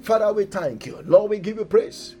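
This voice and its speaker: A man preaching and leading a congregation in fervent prayer, moving between calm teaching and loud exhortation. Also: high-pitched, normal speed, soft background music.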